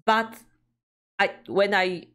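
A woman's voice: medium pitch, takes it slowly, a bit bright. A middle-aged woman with a Polish accent, casually chatting as a reaction-video co-host, reflective and hesitant, often searching for words. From Poland. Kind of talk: casual chat.

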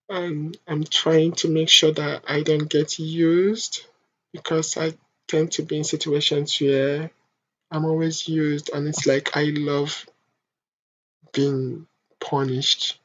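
Soft, husky, halting young adult vlogger. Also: mid-range voice. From Africa. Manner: halting, emotional, soft-spoken. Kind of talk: personal confessional monologue. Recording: dull lo-fi home recording.

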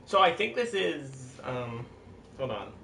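A man giving casual, jokey commentary while live-streaming a game, with sudden excited outbursts. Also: medium pitch, slow, creaky. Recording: roomy, distant mic, noisy.

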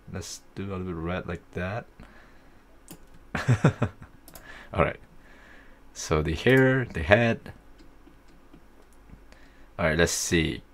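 A young man casually talking through a software tutorial, thinking aloud as he works. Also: a bass voice. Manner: easygoing, thinking aloud while working. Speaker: tutorial host.

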